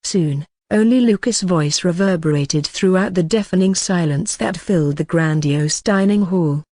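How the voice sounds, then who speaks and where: A synthetic-sounding storyteller reads a fantasy novel in an even, unhurried way. The pitch sits in a middle range, and the recording is dry and close, with no room sound. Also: no room sound. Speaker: audiobook narrator. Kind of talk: scripted narration of a web novel.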